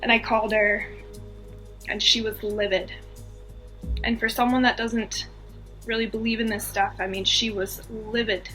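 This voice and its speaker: A woman's voice: fairly high pitch, level tone, measured pace, pauses often, bright, forceful tone, soft background music. A woman from the US East Coast, a podcast guest, telling a personal story earnestly and with feeling, repeating phrases for emphasis.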